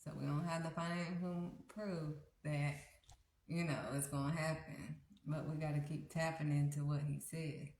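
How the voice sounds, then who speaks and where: A woman's voice: low-pitched, little pitch movement, moderate pace, a little mellow. A woman hosting a faith livestream, preaching in an earnest, conversational, repetitive way. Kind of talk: casual devotional preaching. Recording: roomy echo.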